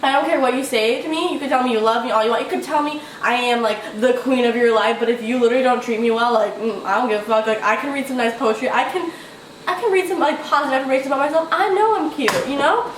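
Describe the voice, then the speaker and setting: A woman's voice: sits high, fast talker, distant mic, a little hiss or hum. A young woman giving blunt relationship advice in a casual vlog, rambling with lots of "like" and swearing freely. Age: young adult. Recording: echoey room, away from the mic, faint ambience.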